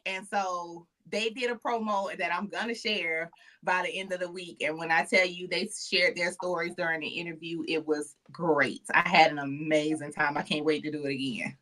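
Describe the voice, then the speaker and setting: Woman, low-ish pitch, casual chat, animated, colloquial, shout-outs. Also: moderate pace, recorded from a distance, poor audio. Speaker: podcast co-host.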